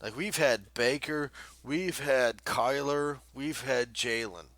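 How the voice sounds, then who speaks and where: Slow-talking, bright-voiced man chatting sports. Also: medium pitch, no room sound. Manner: excitable, rambling with many fillers. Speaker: podcast co-host. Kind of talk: casual sports chat.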